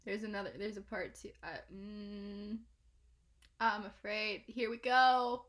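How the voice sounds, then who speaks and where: A woman reviewing an album in a reaction video, excitable and swearing, swinging between hushed whispers and shouts. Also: mid-range voice, takes it slowly. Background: album music playing.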